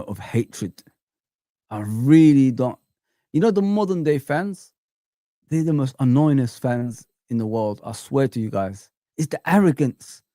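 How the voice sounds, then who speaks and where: A man hosting a live chat stream, ranting in an animated, exasperated way with repeated phrases. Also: medium pitch, no echo, studio quality.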